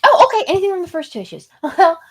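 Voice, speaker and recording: High, animated chatty woman. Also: very fast. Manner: chatty, giggly, animated storytelling. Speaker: guest artist. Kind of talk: casual chat.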